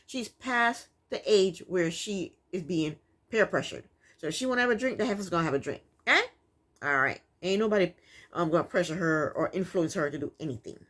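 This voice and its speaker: Sassy, lively woman recapping reality TV. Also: fairly low pitch, brisk. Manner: opinionated, sassy and exasperated. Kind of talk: casual commentary.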